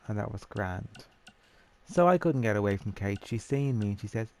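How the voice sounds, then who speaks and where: A man's voice: on the low side, normal speed, vocal fry, darkish tone, a little hiss or hum. A young Irish man telling a story in a rambling, chatty way with swearing, over a game. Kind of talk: casual storytelling over gameplay.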